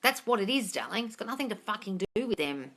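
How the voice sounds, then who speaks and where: A woman answering viewers' questions on a live stream, blunt and sweary, scolding her viewers and swinging from low mutters to loud yelling. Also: sing-song, quick pace. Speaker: manifesting coach answering live chat questions. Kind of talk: blunt livestream Q&A.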